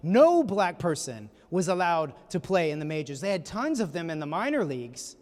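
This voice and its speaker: High-voiced preacher in an echoey hall. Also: male voice. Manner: animated storyteller, quick asides. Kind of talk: sermon retelling a film scene.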